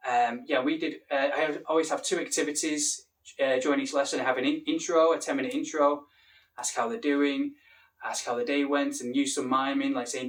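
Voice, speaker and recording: A man's voice: medium pitch, fairly even intonation, a little fast, distant mic. A man with a Mancunian accent, an English teacher talking casually to camera, rambling and restarting his sentences. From Manchester, England.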